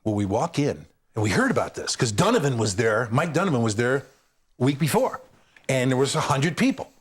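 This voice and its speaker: A man's voice: medium pitch, fairly quick, slightly rough. A man, a stand-up comedian and guest, telling a road story and acting out the people in it. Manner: animated, acts out the people in his stories.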